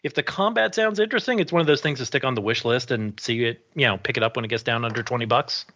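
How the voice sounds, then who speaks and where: A man's voice: mid-range voice, fast, a bit bright. A man co-hosting a podcast in casual chat, often hesitant and restarting his words. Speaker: podcast co-host. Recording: dull lo-fi sound.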